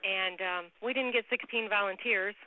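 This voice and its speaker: A woman's voice: medium pitch, moderate pace, heavy background noise. A woman telling a personal story on a conference call over a phone line, earnest and emotional. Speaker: caller sharing a story.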